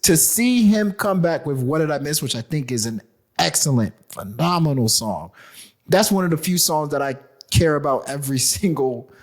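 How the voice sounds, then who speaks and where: A man co-hosting a podcast, ranting with emphasis and laughing as he talks. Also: on the high side. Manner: animated, laughing, emphatic rants. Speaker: podcast co-host. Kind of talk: casual chat.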